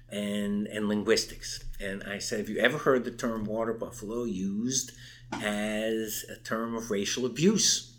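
A man's voice: on the low side, a bit bright. An older man telling a story in an interview, with emphasis, acting out the people he quotes. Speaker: interview guest. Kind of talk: recounting a campus case in conversation.

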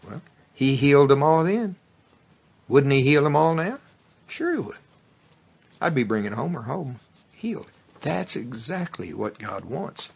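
A man preaching a fervent sermon that builds to loud exclamations, then leads a prayer. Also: mid-range voice, creaky, slightly rough. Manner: fervent, rising to exclamations, tongues.

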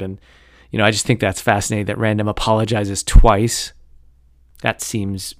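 Man, podcast host, low voice, dry close sound, rambling, opinionated. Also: level tone, normal speed, dry recording. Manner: rambling, many fillers and hedges; critical, opinionated commentary. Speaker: podcast host discussing a novel. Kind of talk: casual chat.

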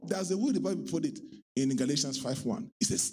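A man pastor preaching a sermon, swinging between low talk and high, shouted, sung-out lines. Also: fairly quick, slightly rough, faint music behind.

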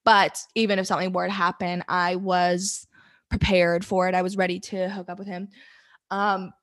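A woman's voice: lowish voice, little pitch movement, moderate pace, fairly bright tone. A young woman telling a candid, rambling story to the camera, flustered and close to tears, swearing freely.

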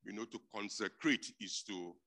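Deep, bright-voiced emphatic male preacher. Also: moderate pace. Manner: emphatic, repeats key phrases, swings from quiet to loud. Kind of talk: sermon.

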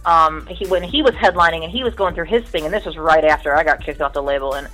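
A woman's voice: sits low, fast, soft background music, poor audio. A woman guest in casual chat, telling stories bluntly with lots of swearing and acted-out voices. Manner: blunt, profane storytelling with lively mimicry.

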